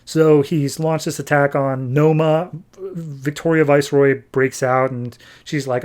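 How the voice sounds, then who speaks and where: A young man hosting a podcast, casually retelling a comic's plot with quick bits of acted dialogue. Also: a little high, flat delivery, a little mellow. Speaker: podcast host recapping comics.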